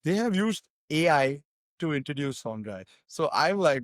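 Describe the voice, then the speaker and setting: Excitable man in casual football chat. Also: fairly high pitch, moderate pace, dry recording. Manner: excitable, chatty, lots of fillers. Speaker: podcast co-host.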